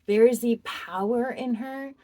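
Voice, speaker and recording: A woman doing a pick-a-card tarot reading, speaking to the viewer in a slow, heartfelt and expressive way. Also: fairly high pitch. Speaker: tarot reader.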